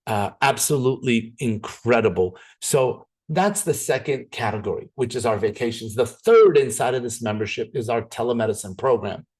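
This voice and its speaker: A man giving an excited, enthusiastic sales presentation, with big jumps in pitch. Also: moderate pace, hardly any pauses, slightly rough.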